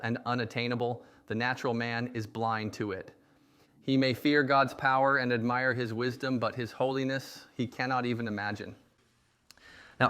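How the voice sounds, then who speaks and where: At a church retreat session, a young adult ministry speaker gives a sermon in a mid-range, slightly bright voice. His preaching is conversational, often checking in with "right?" and using "like" frequently.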